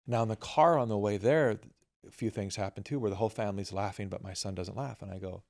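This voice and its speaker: Middle-aged male guest, low gravelly voice, lively storyteller acting out family scenes. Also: quick pace. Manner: animated anecdotes, acts out family dialogue. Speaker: filmmaker guest. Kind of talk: storytelling in conversation.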